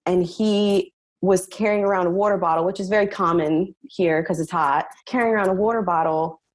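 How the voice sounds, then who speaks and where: A woman guest with a faint Long Island accent chats on a podcast over a remote call. Her voice sits a little low, and she talks with easy laughs and lots of restarts. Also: fairly even intonation, a little fast. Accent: faint Long Island New York. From Long Island, New York. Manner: chatty, laughing, trailing restarts. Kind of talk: casual chat.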